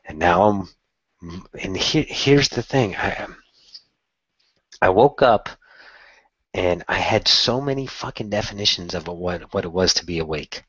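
A man casually telling a personal story in a candid, excitable way, swearing now and then. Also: sits low, breathy edge, no room sound, muffled recording. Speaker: channeler telling his story.

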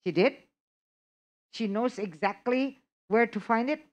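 A woman's voice: on the high side, a little slow. A woman teaching an English test prep class, often checking that her students follow. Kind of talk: live online lesson.

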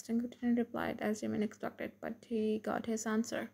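Gravelly woman narrating a fan story. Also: on the high side, flat delivery, fairly quick, few pauses, warm tone. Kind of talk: read-aloud fan fiction narration.

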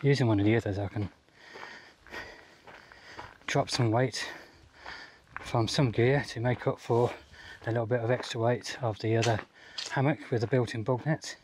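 A man's voice: medium pitch, fairly even intonation, moderate pace, pauses often, darkish tone, a little hiss or hum. A man from Australia hosting his outdoor gear channel, explaining his pack loadout step by step in a casual, easygoing way. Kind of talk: casual gear demonstration vlog.

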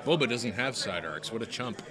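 A man's voice: medium pitch, lively intonation, a little fast, sharp tone. A man giving joking, sarcastic live commentary on a tabletop game at a convention. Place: convention hall. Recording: crowd noise behind. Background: crowd chatter.

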